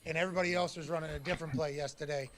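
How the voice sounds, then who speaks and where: A man's voice: on the high side, steady tone, rapid-fire, very noisy. A man from Pittsburgh hosting a casual chat, telling rambling stories and swearing. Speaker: podcast host.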